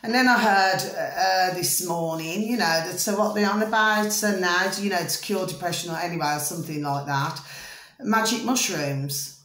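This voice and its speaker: With a fairly low, fairly bright voice at a moderate pace and a roomy sound, a middle-aged British woman rambles casually to camera as a vlogger. She's chatty, often checking understanding with "do you see what I mean?" and throwing in "ding ding."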